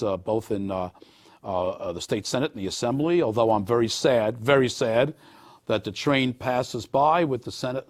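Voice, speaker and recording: Animated Brooklyn-accented older man. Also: mid-range voice. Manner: animated, folksy, hesitant with many uhs. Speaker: borough president. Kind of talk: TV interview. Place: TV studio.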